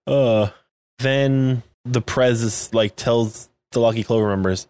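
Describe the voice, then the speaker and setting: A man's voice: medium pitch, slow pace, no echo. A man with an ordinary mid-range voice chats through a recap of a show. He rambles and laughs often, and his talk is full of fillers. The tone stays easygoing throughout. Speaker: podcast co-host. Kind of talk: casual chat recapping episodes.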